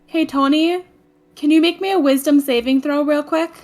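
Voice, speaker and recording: A woman's voice: sits high, fairly even intonation, moderate pace, a little mellow, soft background music. A woman player in a tabletop game who jumps in eagerly with her questions. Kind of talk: casual game chat.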